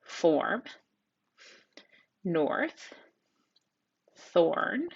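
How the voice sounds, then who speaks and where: A woman's voice: on the low side, lively intonation, unhurried, creaky. A woman teacher giving an upbeat, encouraging spelling lesson to children, on a dull lo-fi home recording. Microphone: tablet microphone.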